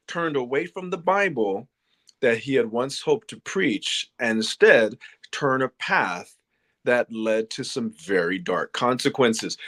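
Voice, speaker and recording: A man's voice: medium pitch, fairly bright tone. A man presenting a lecture series in an informal spoken style, earnest and plainspoken. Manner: earnest and plainspoken, insisting on facts.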